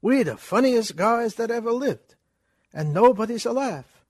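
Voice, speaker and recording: A man's voice: extremely high pitch, measured pace, slightly rough, dry recording, clean studio sound, pitched above the performer's own voice, full character voice. A man doing a brash mock-Italian wisecracker. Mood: boisterous. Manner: broken comic English, loud and excitable. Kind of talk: comic reading with voices.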